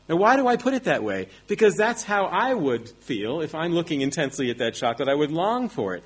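Husky-voiced man preaching a sermon. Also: fairly high pitch, big pitch swings, brisk, hardly any pauses. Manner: emphatic teaching with rhetorical questions and self-deprecating asides.

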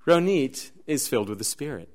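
A man preaching a sermon, telling stories in an animated, lively way. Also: mid-range voice, fairly quick. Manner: animated storyteller, shouts and laughs in the dramatic parts. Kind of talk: sermon with storytelling.

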